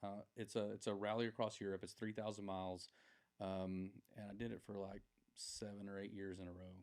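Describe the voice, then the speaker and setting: A man's voice: fairly low pitch, level tone, fairly quick, a little mellow. A man in his forties, a podcast guest, telling a long anecdote in a casual, rambling way with plenty of fillers. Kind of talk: casual storytelling.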